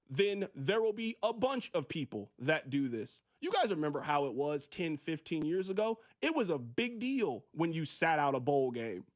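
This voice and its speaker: A man hosting sports radio, delivering an emphatic, preachy opinion monologue and briefly acting out quick voices, on a studio microphone. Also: sits high.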